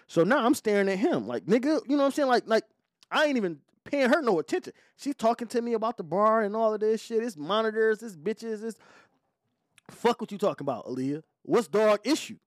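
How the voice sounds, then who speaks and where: Animated man telling a story. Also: high voice, a little fast, no room sound, studio quality. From Detroit. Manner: animated, profane storytelling full of slang. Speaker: podcast host. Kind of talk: casual storytelling chat.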